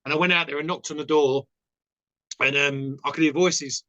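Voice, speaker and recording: A man's voice: a little high, fairly even intonation, normal speed, pushed and bright, no room sound, rough recording. Essex man telling stories frankly. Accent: Essex English. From England. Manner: rambling, frank, with many fillers and acted-out quotes. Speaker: podcast guest. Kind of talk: casual storytelling.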